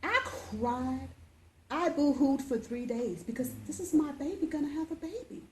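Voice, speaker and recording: A woman in her fifties telling a personal story as a speech, lively and acting out the voices. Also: moderate pace, echoey room, a little hiss or hum, low-quality recording. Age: 50s. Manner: animated, acts out voices with big pitch jumps.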